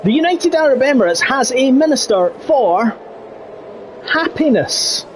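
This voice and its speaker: A man giving jokey, excitable live commentary on an online racing league. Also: extremely high pitch, unhurried, a little hiss or hum. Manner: jokey, excitable, laughs between calls. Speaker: race commentator.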